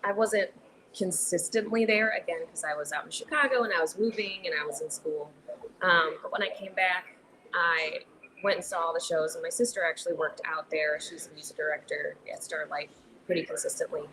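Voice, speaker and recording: A woman's voice: sits low, fairly even intonation, brisk, bright, forceful tone, poor audio. A young adult woman, a theater director, talking casually in a podcast interview with many fillers and restarts. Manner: chatty, many fillers and restarts, laughs easily. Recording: noticeable background noise.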